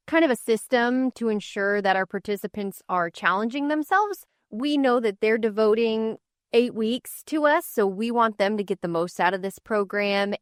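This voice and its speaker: A woman specialist in a radio interview, explaining things in a clear, instructive way. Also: medium pitch, no room sound, clean studio sound. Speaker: extension specialist.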